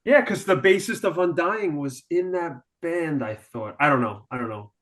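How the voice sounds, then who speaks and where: A man's voice: fairly high pitch, lively intonation, normal speed, a bit bright. A man from Long Island, a podcast guest, chatting enthusiastically with hesitant fillers. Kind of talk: casual chat.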